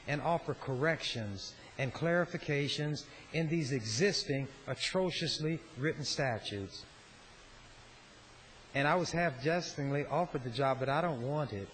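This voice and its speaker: A man addressing a legislature with a measured, biting, sardonic delivery, his voice sitting a little high for a man. He sounds like he is standing in a legislative chamber, with a faint hiss over the recording. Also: fairly bright tone, low-quality recording. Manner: deliberate, sardonic orator. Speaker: state senator. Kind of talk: legislative floor speech.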